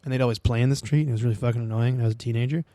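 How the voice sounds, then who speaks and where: A young man co-hosts a casual podcast and tells his stories with animated, profane energy. His voice sits at a middle pitch and sounds dry and close, with no room echo. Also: rapid-fire. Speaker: podcast co-host. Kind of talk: casual chat.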